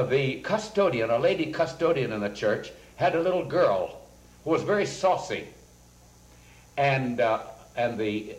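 A man speaking as a pastor, telling earnest anecdotes and quoting people as he goes. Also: medium pitch. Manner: earnest anecdotal storytelling, quotes people in a raised voice. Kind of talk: storytelling sermon talk. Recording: roomy echoing recording.

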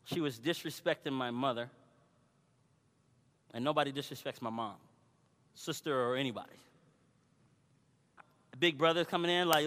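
A male preacher delivering a sermon, moving between loud exhortation and quiet personal storytelling. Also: medium pitch, moderate pace, long pauses. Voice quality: swings from shouting to quiet storytelling. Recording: long hall reverb.

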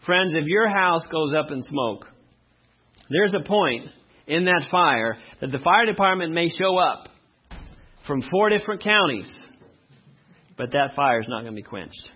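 A man preaching a sermon as pastor, reading verses slowly and loudly, then dropping to quiet asides. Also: on the high side, expressive, slightly rough, lo-fi sound.

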